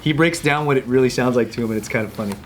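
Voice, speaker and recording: A podcast host reacting with quick interjections and laughter. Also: medium pitch, a little hiss or hum. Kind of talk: casual chat.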